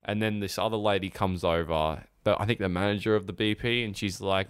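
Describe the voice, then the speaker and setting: A man's voice: deep voice, fairly even intonation, fairly quick, hardly any pauses, clean tone, no room sound, clean studio sound. A young man, co-hosting a podcast in casual, rambling chat, swearing freely. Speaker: podcast co-host.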